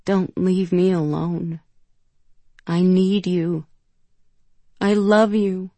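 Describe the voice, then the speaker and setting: A woman's voice: on the low side, little pitch movement, drawn-out words, warm tone, no room sound, full character voice. A woman doing Freya, a cracked-voiced young singer. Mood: pleading. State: voice strained and cracked. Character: young woman singer who has lost her voice, tender. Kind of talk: audiobook character voice.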